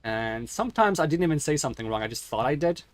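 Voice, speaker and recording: A man's voice: fairly high pitch, animated, fast, no echo. A man streaming a game on a headset, talking casually and stuttering as he corrects himself. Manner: stuttering, self-correcting, rambling. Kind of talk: casual gaming stream talk.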